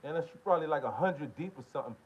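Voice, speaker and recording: High-pitched american guy going off in a rant, keeps firing the same short questions, lots of cursing, muffled lo-fi audio. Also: animated, rapid-fire, husky. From United States. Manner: confrontational, profane, repeats short questions. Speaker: political commentary host. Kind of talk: heated monologue rant. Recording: dull lo-fi audio.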